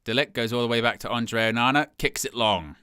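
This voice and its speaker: A young man hosting a live fan commentary of a match, talking casually and jumping from quiet asides to loud excited shouts. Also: medium pitch, brisk, clear, resonant tone, no echo, clean studio sound. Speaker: fan watch-along host.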